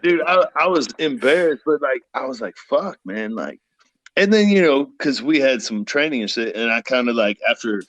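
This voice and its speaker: A man with an ordinary mid-range voice talks in a relaxed way and fills his sentences with "like" and "you know". The sound is dry and close. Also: mid-range voice, normal speed, dry recording. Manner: relaxed, filler-heavy. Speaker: guest, former army combat medic. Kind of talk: casual chat.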